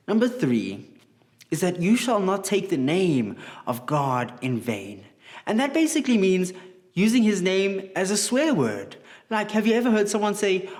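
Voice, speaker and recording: A man teaching a children's Bible class, telling the story in an animated, chatty way and asking the kids questions. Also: fairly high pitch.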